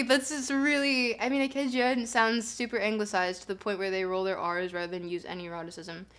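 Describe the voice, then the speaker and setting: A woman's voice: mid-range voice, flat delivery, fairly quick, few pauses, fairly bright tone. A woman streamer chatting casually with her viewers, rambling and giggling with lots of fillers. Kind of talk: casual livestream chat.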